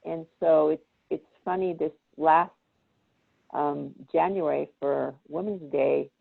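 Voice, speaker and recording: Speaking slowly in a low, creaky voice, a woman guest spins stories during casual chat and animatedly mimics the voices of those involved. She's on a video call with thin, phone-like sound.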